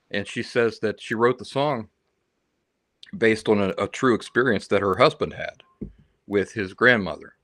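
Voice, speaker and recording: A man's voice: low-pitched, a bit bright, dry recording, studio quality. A man hosting a livestream, telling stories in a rambling, chatty way and reading out viewer comments. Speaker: livestream host. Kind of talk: casual livestream chat.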